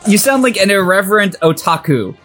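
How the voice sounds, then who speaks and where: High-voiced man teasing the reader. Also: animated, a little fast, fairly bright tone, soft background music. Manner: teasing, laughs often. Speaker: co-host commenting. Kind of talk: comedic banter.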